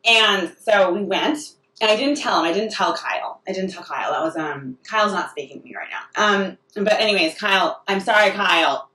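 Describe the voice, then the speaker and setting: Bright-voiced woman rambling in an echoey room. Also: medium pitch, a little fast. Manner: rambling and self-interrupting, full of restarts. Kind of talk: rambling comic monologue. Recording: echoey room, distant mic.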